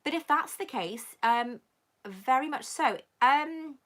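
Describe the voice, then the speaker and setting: A woman from Britain hosting a casual live-stream Q&A, reading viewer comments aloud and gushing warmly back at them. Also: high voice, animated, slow. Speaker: YouTube host answering viewer comments.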